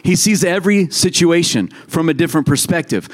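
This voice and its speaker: A male pastor in his thirties preaches to his congregation. His voice sits slightly above the usual male pitch, and he keeps a relaxed, chatty delivery. He slips into quoted voices as he tells his stories. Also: fairly quick. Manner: conversational, animated storytelling with quoted voices. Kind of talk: sermon.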